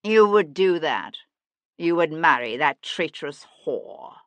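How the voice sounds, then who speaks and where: A woman's voice: low voice, lively intonation, slow pace, no echo, highs cut off. A woman voicing a bitter older spymaster who speaks with sneering contempt. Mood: scornful.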